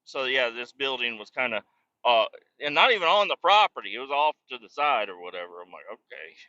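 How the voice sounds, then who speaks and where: A man's voice: medium pitch, big pitch swings, fairly quick, pushed and bright, dry recording. A man, a truck driver, tells a rambling, profane story as a casual monologue from his truck cab. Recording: slightly muffled lo-fi recording.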